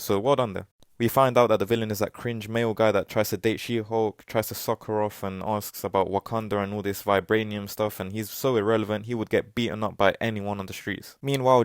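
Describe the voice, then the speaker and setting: A man's voice: fairly low pitch, no room sound, studio quality. A man recapping a TV episode in a sarcastic, mocking, profane way, stretching repeated words for ironic stress. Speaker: TV show reviewer.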